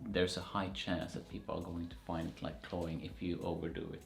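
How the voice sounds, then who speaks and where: A man chatting casually while rating fragrances, opinionated but relaxed, with frequent fillers and restarts. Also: deep voice, brisk, creaky, reverberant. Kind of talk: casual chat.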